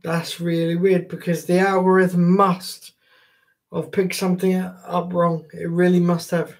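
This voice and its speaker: A male live streamer talking loosely to his viewers. He jokes around and swears casually. His voice sits a touch high, and he takes his time. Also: monotone, measured pace. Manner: chatty and jokey, swears casually.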